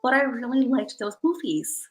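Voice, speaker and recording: A woman's voice: a little high, expressive, normal speed, rough recording. A woman in her thirties chatting casually with her stream viewers, rambling and self-deprecating. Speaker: live streamer.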